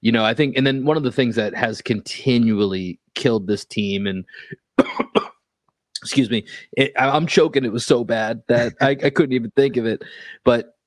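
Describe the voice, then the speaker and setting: A man co-hosting a sports podcast, talking in casual chat and reeling off stats and results in a measured way. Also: mid-range voice, no room sound. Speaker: podcast co-host.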